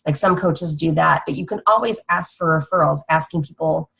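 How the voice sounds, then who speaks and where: A woman's voice: sits low, fairly quick, vocal fry, a bit bright, breathy edge, rough recording. A young woman fitness coach giving a casual, rambling training talk to other coaches, teasing her co-host.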